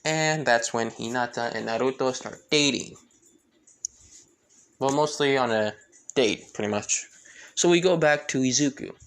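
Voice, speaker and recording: Improvised fan-story narrator who rambles and restarts, middle-pitched voice. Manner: rambling, full of restarts and fillers.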